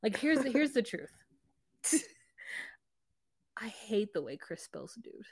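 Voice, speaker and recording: A woman's voice: a little high, big pitch swings, takes it slowly, darkish tone, breathy edge, no echo, clean studio sound. A woman co-hosting a podcast, chatting casually and opinionatedly, acting out quotes as she recaps. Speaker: podcast co-host.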